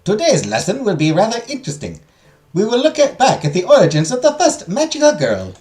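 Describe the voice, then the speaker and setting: A man reads visual novel lines, voicing a theatrical female teacher of magical history as she tells a legend with a swooping, dramatic lilt. He pitches his voice high, above his natural range, with wildly swooping pitch, a brisk pace, and a slightly mellow tone.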